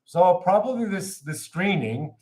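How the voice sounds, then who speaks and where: Animated high-voiced man telling a story. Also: measured pace. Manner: animated, laughing storyteller who shouts punchlines. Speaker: hairdresser. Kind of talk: casual storytelling chat.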